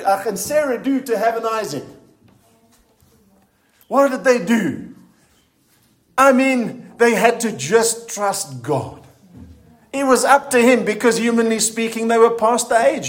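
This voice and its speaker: A man with a high voice delivers a sermon. He talks earnestly and keeps asking the congregation questions. He slows down whenever he reads scripture aloud. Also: darkish tone. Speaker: preacher.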